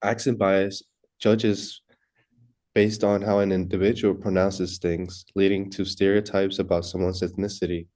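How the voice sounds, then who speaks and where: A man's voice: deep voice, flat delivery, unhurried, darkish tone. A young man reading a class presentation from a script, stumbling and restarting words now and then. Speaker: student presenter.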